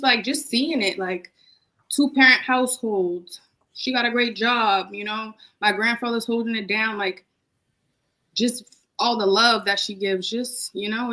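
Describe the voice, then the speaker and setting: A woman's voice: medium pitch, sharp tone, rough recording. Emotional young woman, casual heartfelt talk. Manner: emotional, heartfelt, repeats phrases. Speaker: podcast guest. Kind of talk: casual chat.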